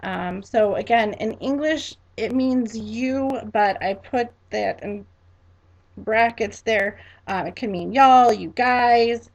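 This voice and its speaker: A woman teaching a class, slow and patient, spelling each word letter by letter and repeating it for students to echo. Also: a little high, muffled recording. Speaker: French teacher. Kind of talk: classroom lesson.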